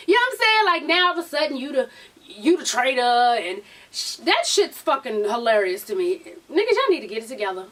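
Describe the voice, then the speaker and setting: A woman's voice: high-pitched, very animated, a little fast, sharp tone, recorded from a distance. A woman recapping a reality show in casual, profane, sassy chat, often acting out what the cast said. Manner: sassy, profane, laughing, acts out the cast's lines.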